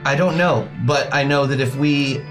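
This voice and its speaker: A man's voice: medium pitch, normal speed, faint music behind. Joking man playing a tabletop game. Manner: lively, joking banter. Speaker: player. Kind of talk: tabletop game role-play chat.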